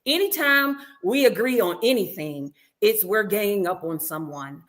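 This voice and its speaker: A reality show cast member, a woman, chats as an interview guest, relating what happened with lots of animation and imitating what others said. Her mid-range voice is lively and moves at a normal speed.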